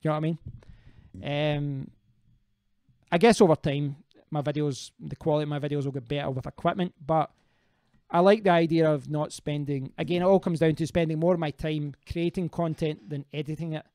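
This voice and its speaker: A man's voice: on the high side, fairly even intonation, moderate pace, darkish tone, dry recording, studio quality. A man hosting a casual live stream, rambling as he answers viewers' comments and often restarting his sentences.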